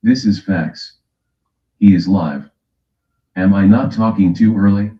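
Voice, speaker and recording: Deep-voiced brash man on a stream. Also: slow pace, mellow, reverberant, lo-fi sound. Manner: brash, teasing, calls out chatters. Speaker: livestream host. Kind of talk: casual stream chat.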